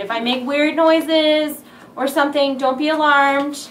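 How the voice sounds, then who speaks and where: A woman's voice: high voice, fairly even intonation, a little slow. A woman hosting an unboxing vlog, giddy and bubbly, exclaiming and singing to herself as she opens a new keyboard. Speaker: unboxing vlogger. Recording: echoey room with faint noise.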